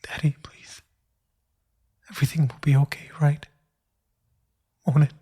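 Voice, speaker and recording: A man's voice: fairly low pitch, brisk, husky, pitched above the performer's own voice. A man voicing a frightened young boy who pleads with a shaky, tearful voice. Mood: whispering.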